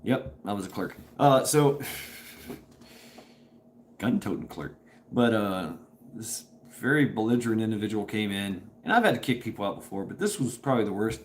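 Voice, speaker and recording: Here the livestream host speaks at normal speed in a fairly low, expressive voice, with slight background noise. Casually chatting indoors at home, he rambles, laughs frequently and curses freely, recorded by a camera resting on a table.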